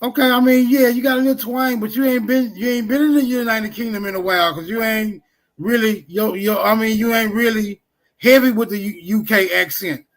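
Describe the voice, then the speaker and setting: A man's voice: high-pitched, fairly quick. A man hosting a casual livestream, greeting viewers and teasing callers with loose, profane banter. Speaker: livestream host.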